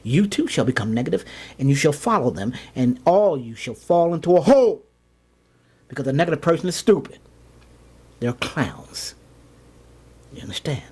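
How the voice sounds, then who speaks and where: A man's voice: fairly high pitch, very animated, normal speed, long pauses, a little mellow, breathy edge. A man giving a rambling motivational monologue. He keeps repeating himself and pressing his points hard. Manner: rambling, repetitive, emphatic. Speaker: card trick performer and vlogger.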